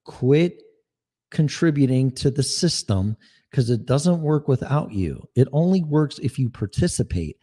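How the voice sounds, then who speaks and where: A man's voice: mid-range voice, very animated, unhurried, mellow, in a large hall. A man hosting his own online show, talking in a rambling, sarcastic way and swearing freely as he reads the chat. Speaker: podcast host. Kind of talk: casual monologue reading chat.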